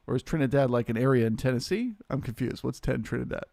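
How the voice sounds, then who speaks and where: A man hosting a live trading stream, talking through the market in a relaxed, chatty way and greeting viewers by name. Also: mid-range voice, fast, vocal fry, no room sound.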